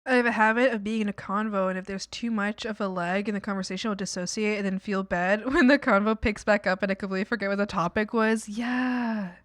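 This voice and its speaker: A woman streaming on her own, talking loosely as she works on a drawing. Her voice sits in a middle pitch, and it sounds close and dry with no room around it. She rambles through long stories full of "like" and breaks into giggles often. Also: fairly even intonation, quick pace, hardly any pauses, a bit bright, dry recording. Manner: rambling, giggly, filler-heavy with lots of "like". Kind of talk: casual chat while drawing.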